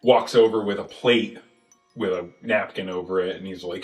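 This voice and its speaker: Male podcast host, lowish voice, animated recap delivery, echoey room with faint music. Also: a little slow. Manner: animated, acts out scenes in silly voices. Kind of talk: casual movie recap chat.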